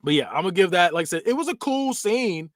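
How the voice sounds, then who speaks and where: With a high voice and a fairly quick pace, this male podcast host gives a casual movie recap in clean studio audio with no room sound. He talks loosely with plenty of fillers and animatedly acts out screams, yelps, and quoted lines.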